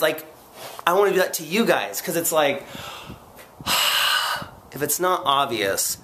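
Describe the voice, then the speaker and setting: A man chatting casually to camera in a vlog, rambling and excitable, sore after a long run, poking fun at himself between plenty of fillers. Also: mid-range voice, a little hiss or hum. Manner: rambling, excitable, self-mocking, lots of fillers. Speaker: vlogger.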